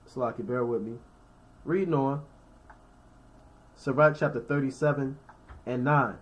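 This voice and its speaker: A man's voice: medium pitch, fairly even intonation, unhurried. A man teaching scripture informally, reading verses and explaining them in a slangy, conversational way while checking in with his listeners. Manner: reads verses then explains them with everyday examples.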